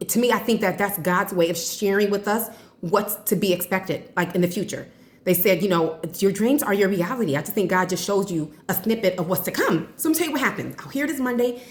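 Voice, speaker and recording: A woman in her forties chatting casually to her viewers, an excitable storyteller who calls them y'all. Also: mid-range voice. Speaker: vlogger. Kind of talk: casual chat to camera. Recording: roomy echo.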